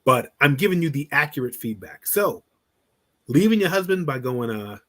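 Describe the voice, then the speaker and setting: A man with a breathy, husky voice talks relationships as a coach on a podcast. He is blunt and lively, swears casually, and acts out everyday scenes to make his point. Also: mid-range voice, moderate pace.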